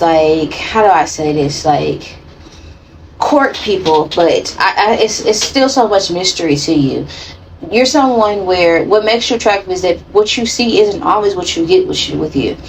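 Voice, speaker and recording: A woman's voice: lowish voice, a little hiss or hum, poor audio. A woman giving a casual tarot reading in a blunt, profane and slangy way. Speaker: tarot reader.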